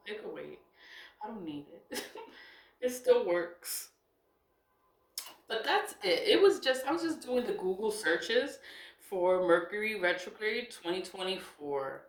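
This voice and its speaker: Chatty woman in an echoey room. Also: medium pitch. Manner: chatty and rambling, repeats herself, laughs often. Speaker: spiritual vlogger. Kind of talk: casual chat reading out questions. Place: indoor room at a laptop.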